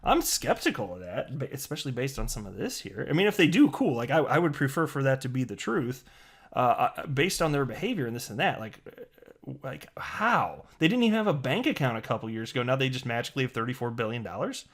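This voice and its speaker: A man of middle pitch hosting a crypto video, alternating between reading passages of a legal document and skeptical commentary. He talks in an off-the-cuff way, restarting sentences, chuckling often and sounding incredulous. His pitch sits in an ordinary male range. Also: sing-song, a little fast, a bit bright. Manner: sarcastic, incredulous asides with frequent restarts; chuckles often while talking. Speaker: crypto channel host.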